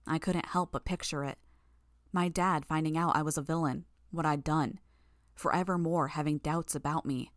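Woman reading a story aloud, low voice, dry close sound, steady and tense. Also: moderate pace, no echo. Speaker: audiobook narrator. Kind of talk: first-person fiction reading.

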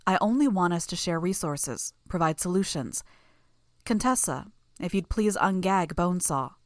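A woman's voice: on the low side, expressive, dry recording, studio quality, close to an everyday voice. A woman reading a composed, firm female leader. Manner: measured, firm. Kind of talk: audiobook character voice.

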